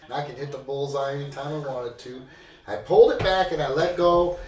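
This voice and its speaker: Guy telling a wild cussing story on a podcast, echoey room, mic kinda far. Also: medium pitch. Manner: animated, profane yarn-spinning. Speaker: podcast guest. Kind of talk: casual storytelling.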